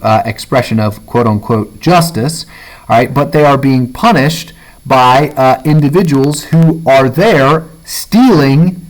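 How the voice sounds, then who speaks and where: A male teacher giving a recorded literature lecture, pausing often with "uh" and "all right?" and reading a passage aloud slowly. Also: mid-range voice, low-quality recording. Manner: frequent fillers and "all right?" check-ins, reads passages aloud slowly. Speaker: high school English teacher.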